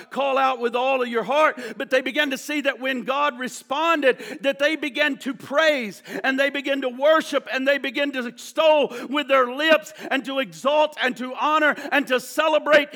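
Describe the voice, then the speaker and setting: A man preaching a fervent sermon as pastor, often rising to shouts and acting out people praying. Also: very high voice, big-room sound.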